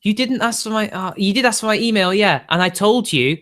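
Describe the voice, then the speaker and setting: A man live-streaming and answering his chat in a rambling way, quickly getting riled and swearing. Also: high-pitched, animated, fairly bright tone.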